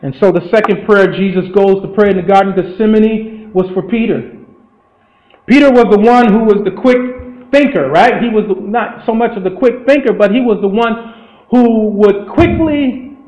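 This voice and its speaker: A man's voice: sits high, normal speed, darkish tone, echoey room, dull audio. A man preaching a sermon, retelling scripture in an earnest storytelling way with loose grammar.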